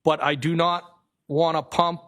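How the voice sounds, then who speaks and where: Higher-voiced man reading texts on the stand. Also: a little slow. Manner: steady reading that speaks the punctuation and corrects typos as he goes. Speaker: trial witness. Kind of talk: courtroom testimony, reading text messages aloud.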